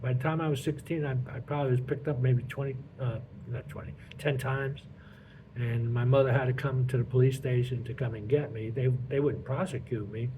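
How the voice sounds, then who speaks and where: A middle-aged man gives his testimony as a pastor. He talks haltingly, stumbling over repeated words and leaning on "you know". His voice comes through a thin, phone-like line with clear hiss behind it. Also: mid-range voice, steady tone. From Brooklyn, New York. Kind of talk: personal testimony.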